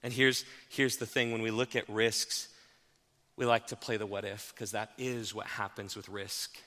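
Male pastor, bright-toned, preaching in a reverberant hall; shifts between quiet emphasis and loud rapid bursts. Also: on the low side. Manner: swings from hushed, slow emphasis to loud, fast, animated asides. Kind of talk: sermon.

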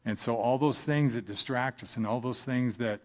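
A man's voice: mid-range voice, moderate pace, noisy background. A man giving an earnest, conversational personal testimony from the front of a church congregation, with touches of dry humor.

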